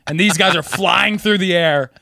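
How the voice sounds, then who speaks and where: A young man hosting a podcast, telling stories in excitable casual chat and swearing often. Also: high-pitched, moderate pace, creaky, slight background noise. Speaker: podcast host.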